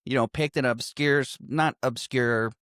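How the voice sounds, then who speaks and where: A man's voice: medium pitch, moderate pace, clear, resonant tone, no echo, clean studio sound. A man co-hosting a casual movie-review podcast, swearing freely and acting out scenes in goofy voices. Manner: lively, swears freely, acts out movie lines in funny voices. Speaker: podcast co-host.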